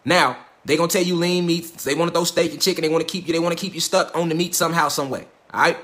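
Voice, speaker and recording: A man's voice: a little high, fairly even intonation, fast, fairly bright tone, reverberant. A man giving a profane, preachy livestream lecture in street slang, often repeating himself. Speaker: livestream host.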